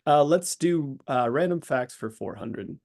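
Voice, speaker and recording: A man's voice: on the high side, animated, a little slow, vocal fry, a little mellow. A man casually moderating a quiz round with brief, easygoing prompts. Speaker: quiz host.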